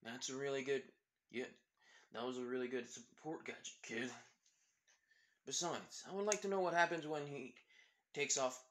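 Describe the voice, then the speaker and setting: A man playing a tired, blunt male teacher in a fan story he reads aloud, with a flat, low-key delivery. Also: normal speed, pauses often, natural voice. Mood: curious.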